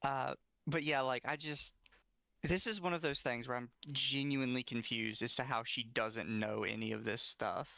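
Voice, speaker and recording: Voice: medium pitch, steady tone, moderate pace, vocal fry, pushed and bright, dry recording, clean studio sound. A podcast co-host giving reaction commentary, incredulous and sarcastically mimicking the people being discussed.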